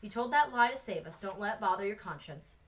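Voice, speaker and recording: A woman reading aloud, voicing a gentle, reassuring pioneer mother. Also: mid-range voice, animated, fast, natural voice.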